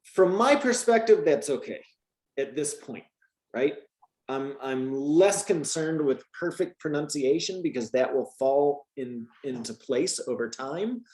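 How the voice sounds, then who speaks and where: A man's voice: fairly high pitch, expressive, measured pace, a little mellow, echoey room. A man tutoring Spanish in a casual lesson, talking it through with restarts and frequent "right?" checks. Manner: chatty, thinks aloud with restarts and frequent "right?".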